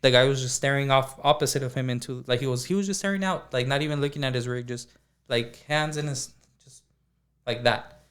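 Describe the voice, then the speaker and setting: Male podcast co-host, chatty storyteller, mid-range voice, animated delivery. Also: medium pitch, fairly quick, smooth. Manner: animated, acts out dialogue, many fillers like "like". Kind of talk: casual storytelling.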